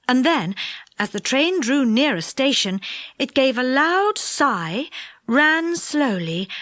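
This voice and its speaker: A woman narrating a children's audiobook in an expressive, unhurried way. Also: sits high, no room sound, clean studio sound.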